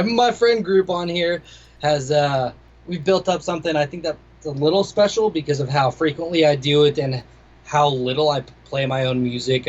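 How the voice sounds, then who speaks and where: A young adult man, a DJ and producer, chatting casually in an interview, laid-back and rambling with plenty of swearing. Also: a little high. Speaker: DJ and music producer, guest. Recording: slightly dull lo-fi audio.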